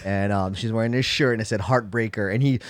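A man's voice: on the low side, fast, no room sound. Joking podcast host man, dry sound. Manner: joking, interjecting, bro slang. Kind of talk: casual chat.

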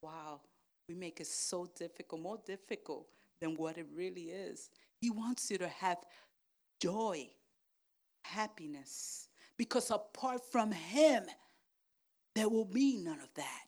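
A woman pastor preaching a sermon, checking in with "Amen?" and "right?", and swinging from soft asides to loud calls. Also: lowish voice. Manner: slow, deliberate delivery.

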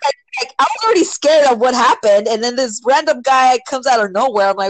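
A woman casually telling a personal story, filling it with "like" and "right?" and acting out quotes with sudden jumps in pitch. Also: expressive, a little fast, dry recording, low-quality recording. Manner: filler-heavy, many "like" and "right?".

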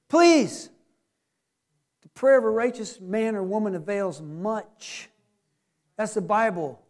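Folksy high-voiced male pastor. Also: darkish tone. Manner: folksy, joking, acts out little scenes. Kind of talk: sermon.

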